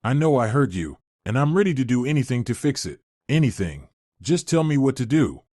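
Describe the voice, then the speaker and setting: A man's voice: mid-range voice, very animated, brisk, a little mellow, no echo. A guilty, pleading young man, as a male narrator puts him on, begging his partner to stay. The voice rises and falls a lot, and the recording is close and dry. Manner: pleading, insistent. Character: remorseful pleading male fiancé.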